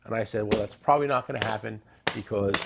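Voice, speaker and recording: A middle-aged man hosting a tool show, chatting casually and joking as he pitches products and tells stories. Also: quick pace, vocal fry, noisy background. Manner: joking, rambling, salesy with asides. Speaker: tool dealer and show host. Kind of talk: casual product talk and storytelling.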